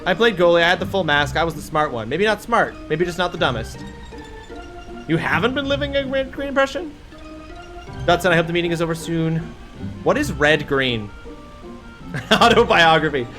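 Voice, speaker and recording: A man's voice: a little high, animated, brisk, sharp tone. A young man live-streaming a game, bantering with chat, joking and swearing as he rambles. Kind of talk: casual live-stream chat while gaming. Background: game music.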